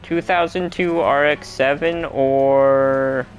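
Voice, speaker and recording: A gaming channel host giving live gameplay commentary, talking to themself and the game and exclaiming loudly at every crash. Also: mid-range voice, slow. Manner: excitable, yelps and exclaims at crashes; talks to self and to the game.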